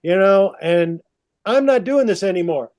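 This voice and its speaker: A man's voice: high-pitched, animated, normal speed, a little mellow. A man voicing Eve as a frustrated first woman in a told story, speaking in his own voice.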